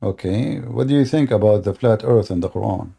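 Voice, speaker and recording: A man's voice: lowish voice, fairly quick, gravelly, warm tone, breathy edge. A man hosting a live-streamed religious debate who talks in a combative, insulting way, cuts callers off, and often repeats and restarts his words. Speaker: debate show host.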